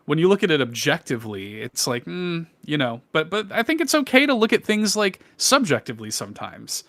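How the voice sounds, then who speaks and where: Enthusiastic, bright-voiced man chatting. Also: on the high side, sing-song, brisk, few pauses, no room sound. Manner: enthusiastic, rambling with many fillers. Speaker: podcast co-host. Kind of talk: casual chat.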